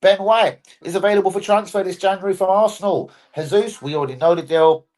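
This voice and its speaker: A man's voice: sits high, quick pace, a little mellow. A young man hosting a football fan live stream, chatting in a sweary, jokey, rambling way. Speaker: football fan channel host. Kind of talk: casual live-stream chat.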